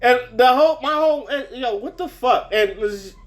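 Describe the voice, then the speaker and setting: A man's voice: extremely high pitch, expressive, moderate pace. A young man telling a story in a casual, rambling way, swearing freely and sounding heated. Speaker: vlogger.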